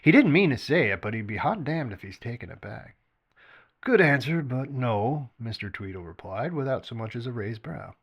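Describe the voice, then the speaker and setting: A man reads his own fiction aloud as a storyteller. His delivery is expressive and animated, with pitch that rises and falls freely. Now and then he slips and restarts a phrase. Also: fairly quick, vocal fry, hardly any pauses, husky, highs cut off. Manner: lively, expressive reading with occasional slips and restarts. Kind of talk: story narration read aloud.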